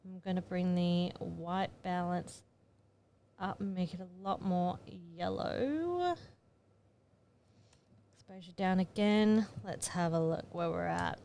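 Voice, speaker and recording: A woman's voice: on the low side, takes it slowly, vocal fry, mellow. A woman photographer casually narrating her editing steps, chatty and thinking aloud as she works. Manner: chatty, muttering to herself while working. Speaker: photographer giving an editing tutorial.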